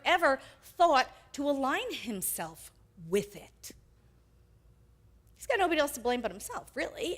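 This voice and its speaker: Animated woman preaching with lively pitch. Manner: animated, acts out quoted characters. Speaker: pastor. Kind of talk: sermon.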